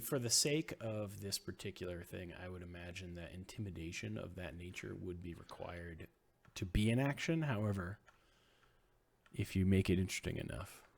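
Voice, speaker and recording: A man running a tabletop game as game master, animated and laughing often while he rules on the players' rolls. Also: deep voice, creaky. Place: home streaming setup.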